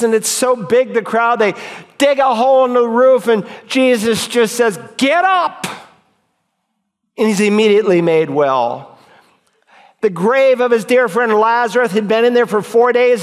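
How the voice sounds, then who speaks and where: A pastor giving an emphatic sermon, his voice swinging between loud high calls and low quiet lines. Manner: emphatic preaching with sharp swings in pitch and loudness. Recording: long hall reverb.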